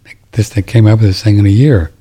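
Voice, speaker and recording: Dark husky-voiced talk radio host. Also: male voice, on the low side, fairly even intonation, fast. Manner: rambling, indignant, restarts sentences. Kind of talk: casual talk radio monologue.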